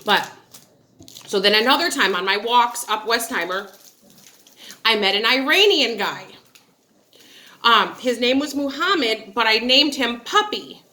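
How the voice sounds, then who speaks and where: A woman's voice: fairly high pitch, expressive, unhurried, pauses often, pushed and bright. A woman in her thirties from upstate New York, telling a personal story in a candid, chatty and digressive way, with frequent asides to her viewers. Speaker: vlogger. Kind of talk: casual storytelling.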